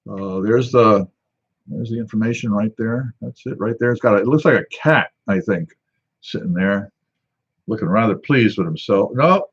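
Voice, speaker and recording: A man's voice: mid-range voice, breathy edge. A man with a middling voice chats casually through a drink tasting, wandering off into wry asides and muttered jokes to himself. The sound is a little dull and lo-fi, like a home video. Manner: rambling and wry, talking to himself. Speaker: drink reviewer.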